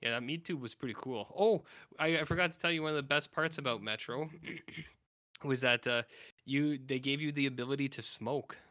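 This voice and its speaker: Chatty man with a bright, dry voice. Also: mid-range voice, moderate pace, no echo. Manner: rambling, filler-heavy, acts out silly voices. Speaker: podcast co-host. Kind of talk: casual chat.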